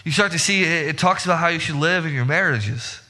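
Bright-voiced man preaching in a reverberant hall. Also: fairly quick. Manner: emphatic, repeats words and restarts, rises in pitch when stressing points. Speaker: pastor. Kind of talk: sermon.

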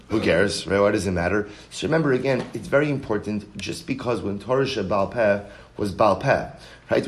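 A man teaching a Talmud class, reading the Aramaic text aloud and then explaining it in English with rhetorical questions. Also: mid-range voice.

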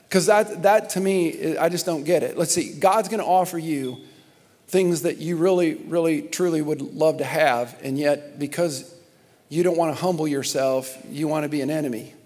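High-voiced young pastor preaching in a hall. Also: male voice. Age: young adult. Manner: animated storytelling, laughing and exclaiming. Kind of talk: sermon. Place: church sanctuary. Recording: long reverb of a large hall.

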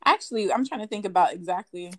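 A woman in a casual co-host chat with an ordinary mid-range pitch. She talks with sass, reading comments aloud and firing back quick retorts.

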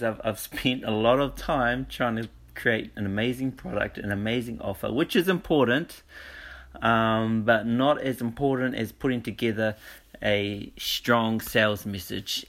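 A man talking casually to listeners, telling stories with lots of energy and frequent laughs. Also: on the low side. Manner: animated storytelling with frequent laughs. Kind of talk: casual monologue.

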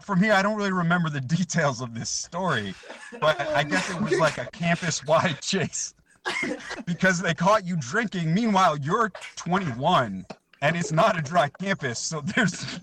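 A man's voice: a little high, a bit bright, slight background noise. A young man, a podcast guest, telling a rambling story in casual chat, often laughing.

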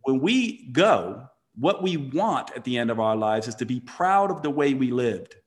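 A man's voice: mid-range voice, very animated, unhurried. A man telling a motivational story in conversation, earnest and emphatic, often restarting his sentences.

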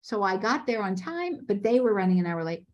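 A woman casting director telling stories in a podcast interview, lively and acting out the voices of people she quotes. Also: mid-range voice, a little fast. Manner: animated, acts out quoted voices.

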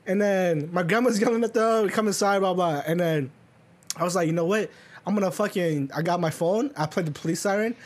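A young man with a high, husky voice co-hosts a casual podcast. He tells rambling stories and swears freely. His voice sits high for a man and has a breathy, rough edge. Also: a little fast. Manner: rambling storytelling, swears a lot. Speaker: podcast co-host. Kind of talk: casual chat.

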